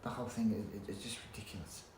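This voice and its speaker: A man ranting casually to camera at home, rambling with halting restarts and blunt swearing. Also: on the low side, darkish tone. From Australia. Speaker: vlogger. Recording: roomy echo, faint background hum.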